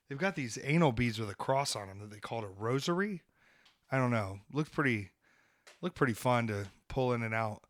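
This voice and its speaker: A man hosting a podcast, ranting and joking in brash, comic trash talk, switching between loud outbursts and muttered asides. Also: mid-range voice, dry recording, studio quality. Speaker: podcast host and wrestler. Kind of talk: casual podcast chat.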